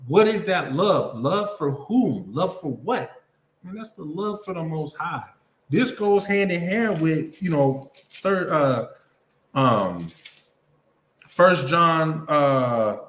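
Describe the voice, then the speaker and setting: A man preaching to a class in an easy, conversational way, stopping often to ask whether his listeners follow him. His voice sits a little high for a man. The room gives his words a noticeable echo. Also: expressive, slow pace, a bit bright. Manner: conversational preaching, keeps asking "you understand?". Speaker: Bible class teacher. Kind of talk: sermon-style Bible class teaching. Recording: roomy echo.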